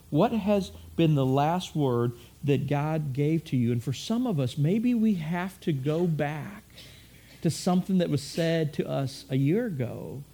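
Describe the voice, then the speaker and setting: A man's voice: a little high, warm tone. A middle-aged man preaching a sermon in a conversational way, repeating phrases and acting out quotes. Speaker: pastor.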